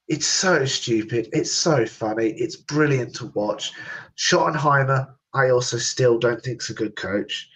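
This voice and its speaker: A man's voice: medium pitch, a bit bright, poor audio. A man hosting a casual sports podcast, ranting sarcastically and laughing. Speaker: podcast host.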